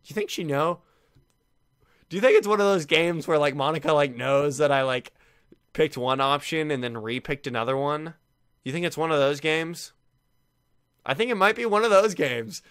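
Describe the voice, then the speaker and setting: A man's voice: on the high side, moderate pace, pauses often, fairly bright tone, smooth, dry recording, studio quality. A young man playing through a game on camera, reading its text aloud and reacting in a jumpy, nervous way, often repeating himself. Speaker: let's play gamer.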